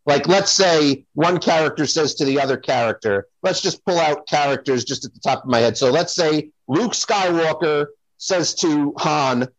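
A man hosting a podcast who talks in a playful, animated way while making his points. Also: on the high side, normal speed, hardly any pauses, no echo, dull audio. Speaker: host. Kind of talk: casual podcast chat.

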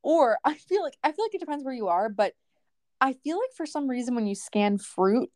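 A woman with a high, expressive voice talks a little fast, her tone slightly mellow and free of echo. Co-hosting a podcast, she chats casually, ranting through stories, quoting people, and laughing often.

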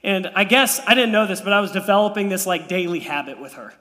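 A man's voice: high voice, fast. A man in his thirties preaching a sermon in a church, telling stories with playful asides. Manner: animated storytelling with playful asides. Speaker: pastor. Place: church sanctuary. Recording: long reverb of a church hall.

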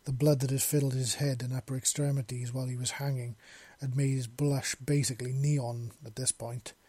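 A man narrating a romance story in a quiet, intimate reading. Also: medium pitch, level tone, brisk, breathy edge, no echo.

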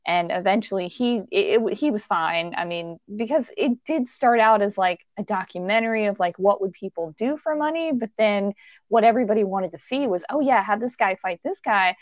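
Female co-host, mid-pitched conversational voice, dry, slightly muffled mic. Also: normal speed, darkish tone, no room sound. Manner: talks in loose fillers and restarts. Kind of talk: casual chat.

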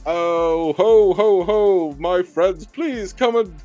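A jolly, booming old Father Christmas, put on by a man in a tabletop game, his voice pushed high and loud. He bellows his ho-ho-hos with boisterous cheer. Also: takes it slowly, lo-fi sound, soft background music. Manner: boisterous ho-ho-ho laughter.

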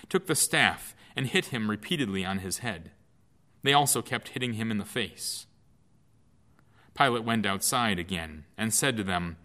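A man reading a scripture lesson aloud in an expressive, emphatic way. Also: on the low side, moderate pace. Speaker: Bible lesson reader.

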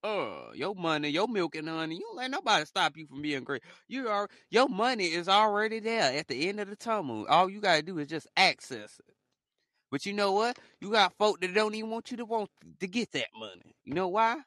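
A young man riffs through a casual motivational monologue, joking and laughing as he mocks the haters. His voice sits a little high and sounds bright and forward. The recording is dry and close. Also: sing-song, brisk, no echo. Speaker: podcast host.

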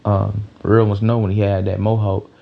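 Male sports host, gravelly and low, rambling and profane, dull lo-fi recording. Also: little pitch movement, moderate pace. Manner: rambling, loose and profane, many restarts. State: a little tired. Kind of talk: casual sports talk.

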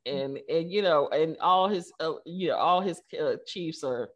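A woman's voice: low-pitched, a little slow. A middle-aged woman, a tech company co-founder, talking as a guest in a casual interview, telling stories with lots of fillers and acting out the quotes. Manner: animated storyteller, many fillers, acts out quotes.

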